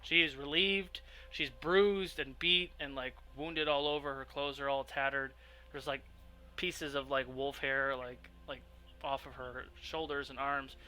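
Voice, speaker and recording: A man's voice: mid-range voice, steady tone, unhurried, sharp tone, rough recording. A man narrating a tabletop game as game master, describing scenes loosely with lots of fillers.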